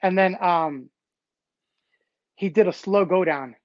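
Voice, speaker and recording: A man guest recounting old stories in a casual, animated way, acting out what others said. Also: high-pitched, slow, no echo. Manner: animated, acts out quotes from others. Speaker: interview guest, b-boy. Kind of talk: casual storytelling. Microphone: phone or call audio. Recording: dull, dry call audio.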